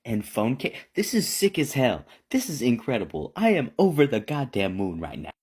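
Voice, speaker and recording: A man's voice: mid-range voice, huge pitch swings, moderate pace, hardly any pauses, a little mellow, slightly rough. A man talking casually to his followers about the things he makes, effusive, emotional and swearing freely. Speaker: artisan vlogger. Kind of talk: casual selfie-video talk.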